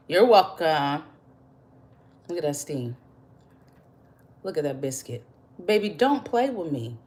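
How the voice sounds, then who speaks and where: A woman hosting a home cooking video, chatting warmly with viewers and calling them y'all and baby. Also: sits low. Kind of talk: casual cooking demonstration to viewers.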